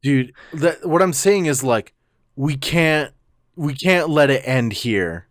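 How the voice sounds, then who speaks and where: A man's voice: on the high side, expressive, takes it slowly, no echo, clean studio sound. A man co-hosting a casual podcast chat, enthusiastic and swearing casually. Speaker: podcast co-host. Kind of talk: casual chat reviewing a chapter.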